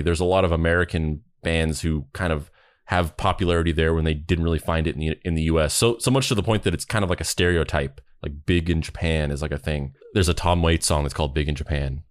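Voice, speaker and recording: A man's voice: sits low, fairly quick, no echo, clean studio sound. A man hosting a podcast in casual chat, rambling with many restarts. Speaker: podcast host.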